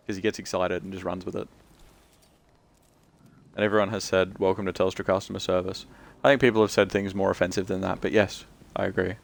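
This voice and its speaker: Low-voiced streamer, chatty. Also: male voice, vocal fry. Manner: chatty, sweary, talks about accents. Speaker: game streamer. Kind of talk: casual stream chat.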